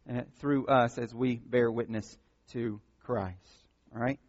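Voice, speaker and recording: Emphatic preacher man in an echoing hall. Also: fairly high pitch. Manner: emphatic, repeats points with frequent "all right?". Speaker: pastor. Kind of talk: sermon. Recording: dull long reverb of a church hall.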